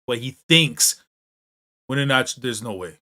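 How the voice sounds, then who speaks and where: A male host reacting emotionally while reading through a manga, slangy and excitable, swinging between muttered dismay and loud outbursts. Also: mid-range voice, unhurried.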